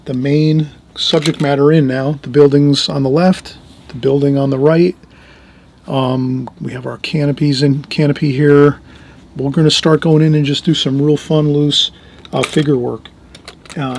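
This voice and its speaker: Man, middle-aged, painting instructor, easygoing, monotone, faint hum in background. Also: medium pitch, vocal fry. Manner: easygoing, talks while working, often trails off softly. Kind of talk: relaxed painting tutorial.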